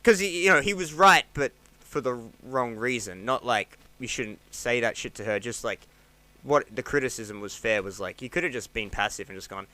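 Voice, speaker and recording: An animated Australian man in his 30s, a stand-up comedian appearing as a podcast guest, rambles through casual stories at normal speed and voices other people's lines with pitch jumps. The recording has no echo.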